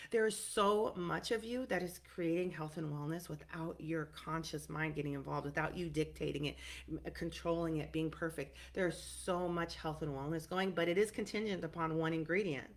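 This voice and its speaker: Middle-aged lady therapist explaining stuff, deep voice, gets animated, lots of "right?" and "um". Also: moderate pace. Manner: animated and emphatic, frequent "right?" and "um". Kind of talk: casual teaching monologue.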